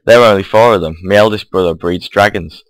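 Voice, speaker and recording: A man's voice: fairly low pitch, fast talker, no echo, close to an everyday voice, low-quality recording. A young man voicing an eager, chatty young wizard boy with a Cockney accent. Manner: friendly, rambling.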